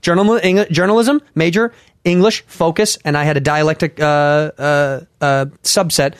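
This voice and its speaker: A man's voice: a little high, fairly even intonation, moderate pace, clean tone, no room sound, studio quality. A man trading brash, teasing, profane banter as a comedian guest on a podcast.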